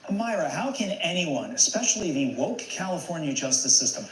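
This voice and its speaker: Brisk male news anchor, slightly high. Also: big pitch swings, reverberant, a little hiss or hum, rough recording. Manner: brisk, leading questions. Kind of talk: TV news interview.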